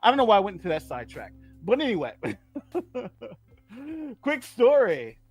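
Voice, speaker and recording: Faint music plays behind a man with a high voice speaking at normal speed as he hosts a legal commentary live stream. Casual and chatty, he's animated, repetitive, and gloating throughout.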